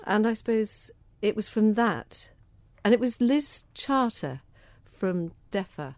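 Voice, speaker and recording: A middle-aged southern English woman takes her time answering an interviewer's questions about organic food, the cause she campaigns for. Her mid-range voice has lively intonation and a slightly mellow quality, with no echo. She's chatty and eager, regularly repeating a word or two as she starts each thought.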